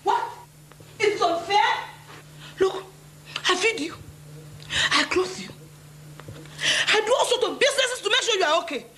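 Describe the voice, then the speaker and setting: An indignant mother who scolds her daughter. Her voice is very high, bright and sharp. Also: lively intonation, measured pace, pauses often, a little hiss or hum, full character voice. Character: defensive scolding mother, middle-aged woman. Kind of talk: film drama acting.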